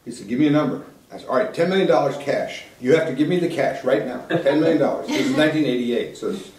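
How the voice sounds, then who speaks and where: A man's voice: mid-range voice, quick pace, darkish tone. An older man giving a keynote talk in a conversational storytelling manner, acting out the dialogue he quotes. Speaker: keynote speaker. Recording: echoey room, voice from some distance.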